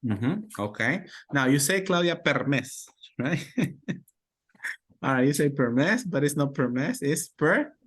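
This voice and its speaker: A man's voice: fairly high pitch, lively intonation, unhurried, breathy edge. A man teaching call center English on a video call, repeating phrases and encouraging the learners. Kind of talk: online class coaching.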